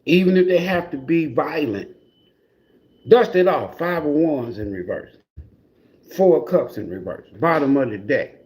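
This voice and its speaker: A man's voice: on the high side, animated, unhurried, a little mellow. A man giving a casual livestream tarot reading in a blunt, profane, mocking way. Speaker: tarot reader.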